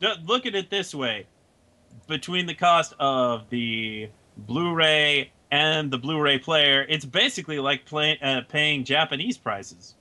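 A man adds quick remarks to casual podcast talk. His voice sits fairly high and sounds very sharp and bright. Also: animated. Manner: quick interjections.

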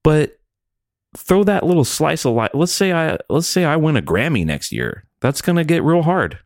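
A middle-aged man co-hosting a podcast, chatting casually in rambling, profane, animated stories. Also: on the high side, normal speed, no echo, clean studio sound. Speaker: podcast co-host. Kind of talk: casual chat.

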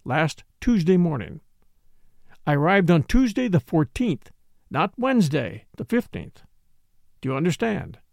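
A man voicing a suave, scheming middle-aged French count who speaks smoothly and dryly. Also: a little high, sing-song, a little slow, long pauses, a little mellow, no echo, clean studio sound, exaggerated voice. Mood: smooth, calculating.

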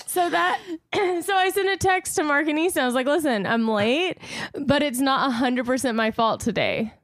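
A young woman co-hosting a podcast, telling a story with lots of laughs and animated quotes. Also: high-pitched, moderate pace, no echo. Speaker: podcast co-host. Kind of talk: casual chat.

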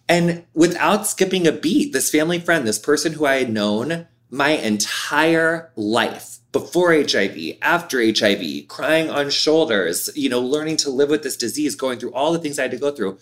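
A man in his thirties, an interview guest, talking candidly in an expressive, animated way with lots of "like". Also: mid-range voice, normal speed, few pauses. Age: 30s.

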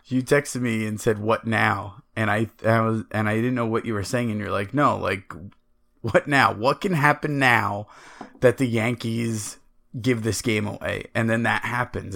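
A man co-hosting a sports podcast, telling stories in an excitable, animated way. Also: mid-range voice, gravelly. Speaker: podcast co-host. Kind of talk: casual sports chat.

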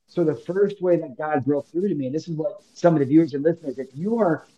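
As a guest on a podcast, this Illinois man in his thirties talks fast in a fairly high voice, recounting something that happened to him. He's slangy, casual and emphatic, performing the quotes he repeats, and the audio is dull.

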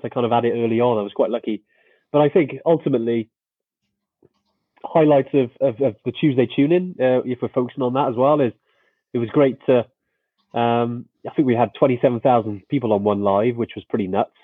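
A man's voice: medium pitch, dry recording. Man on a tinny phone-like line. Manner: friendly, laid-back, many fillers. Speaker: co-host of a live outdoor chat stream. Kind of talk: casual live-stream chat.

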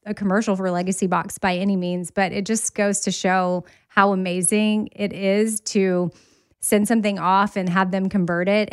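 A woman's voice: medium pitch, clean tone, no echo, studio quality. A woman hosting a podcast, talking in a chatty, upbeat way. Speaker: podcast host. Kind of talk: casual chat.

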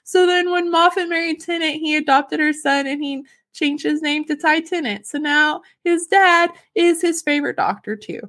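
A woman's voice: high voice, moderate pace, hardly any pauses, a bit bright. A woman casually sharing fun facts on a podcast, giggly and enthusiastic. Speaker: podcast host. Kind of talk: casual chat, reading out facts.

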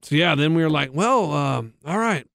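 Bright-voiced man telling a party story. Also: fairly high pitch, expressive, moderate pace, gravelly, dry recording, studio quality. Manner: laid-back storyteller, quotes people in dialogue. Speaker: radio show co-host. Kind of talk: casual banter.

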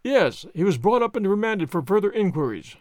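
A man voicing a blunt, hearty veteran police inspector who talks briskly and jovially in a higher, livelier tone. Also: sing-song, a little mellow, dry recording, clean studio sound.

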